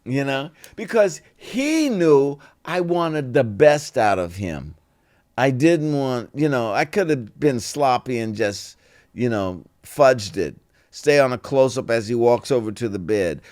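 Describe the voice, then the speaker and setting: An older actor, appearing as a guest in an interview, tells stories casually and animatedly, acting out bits of dialogue in different voices. He speaks at a mid-range pitch, a little slowly.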